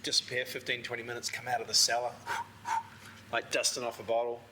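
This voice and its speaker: A middle-aged man, a brewery founder guest telling lively, swear-laced anecdotes in a casual chat. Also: mid-range voice, fast talker, heavy background noise.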